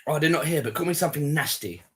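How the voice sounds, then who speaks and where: A man's voice: fairly high pitch, lively intonation, fast talker, fairly bright tone, husky. A man hosting a livestream who teases and mocks a caller with flirty provocations. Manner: teasing, mocking, flirty provocations. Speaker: livestream host talking to callers. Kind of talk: taunting live call-in chat.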